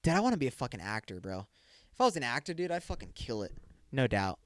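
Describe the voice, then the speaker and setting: A man's voice: medium pitch, sing-song, fast, dry recording, clean studio sound. A man in his mid-twenties hosting a casual solo podcast, rambling and swearing a lot and saying "dude" often. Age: 20s. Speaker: podcast host.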